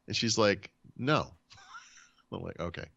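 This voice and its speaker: A man's voice: on the low side, slow, creaky, breathy edge, highs cut off. A man hosting a podcast, casually telling a story and acting out the people in it. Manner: animated storyteller, acts out quoted dialogue. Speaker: podcast host.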